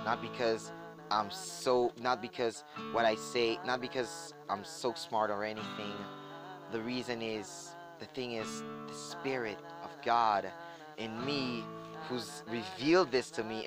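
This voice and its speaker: A man's voice: fairly low pitch, low-quality recording. Man preaching over guitar music. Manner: slow, emphatic preaching with repeated rhetorical questions; casual and rambling when speaking plainly. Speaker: podcast host. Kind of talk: preaching, then casual chat to listeners. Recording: clear guitar music under the voice.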